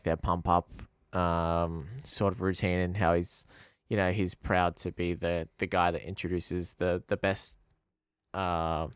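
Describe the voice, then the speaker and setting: Smooth low-voiced man, dry close sound. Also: no room sound. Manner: thoughtful, halting with fillers. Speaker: podcast co-host. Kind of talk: casual movie review chat.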